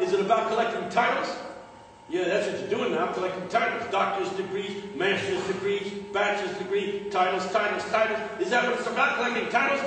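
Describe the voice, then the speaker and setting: A man's voice: high-pitched, background noise. A man preaching a humorous sermon in a large church, building up phrases with rhythmic repetition. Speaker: guest preacher. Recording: echoey church hall, distant mic.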